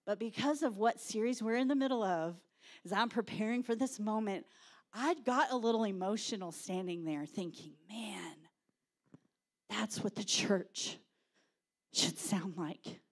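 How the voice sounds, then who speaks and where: A woman pastor, preaching a sermon with animated storytelling and shouted quotes. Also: medium pitch, a little slow.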